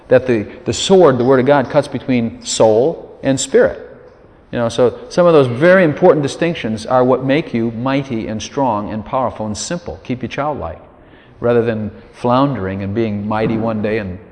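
A man preaching in a relaxed, conversational way, full of casual asides to the people listening. His voice sits at an ordinary pitch, and a long reverb trails behind every phrase. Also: normal speed. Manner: conversational, folksy, many "you know" asides; acts out quoted prayers in a raised voice. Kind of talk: informal sermon teaching.

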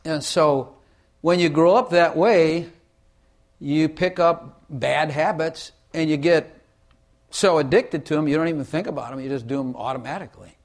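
A man explains Bible passages in a relaxed, chatty way, his voice sitting a bit on the high side. He is emphatic, repeats lines for effect and plays with his inflection to drive a point home. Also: normal speed. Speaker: Bible teacher. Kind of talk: casual Bible teaching chat.

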